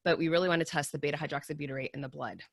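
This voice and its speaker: A woman's voice: sits low, steady tone, very fast, vocal fry, dry recording, clean studio sound. A woman hosting an online health summit, chatty and enthusiastic as she introduces and questions her guest. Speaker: summit host.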